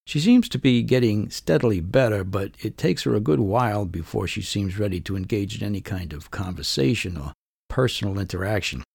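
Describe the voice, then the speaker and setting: A man's voice: fairly low pitch, expressive, fairly quick, vocal fry, a little mellow, slightly rough, no echo. A middle-aged man hosting a podcast, telling a first-person story in a wry, conversational way. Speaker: podcast host and narrator.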